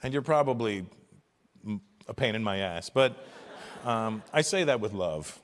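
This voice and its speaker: A man's voice: fairly low pitch, unhurried, a little hiss or hum. Man in his fifties doing profane stand-up in a hall. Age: 50s. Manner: profane, animated, acts out voices in quotes. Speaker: stand-up comedian. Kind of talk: stand-up comedy routine. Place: large live venue with audience. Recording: long hall reverb from a stage.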